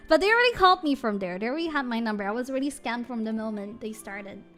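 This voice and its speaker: A woman streamer in casual livestream chat, animated and giggly. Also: on the high side, fast talker, soft background music. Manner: animated, giggly, switches between English and Japanese.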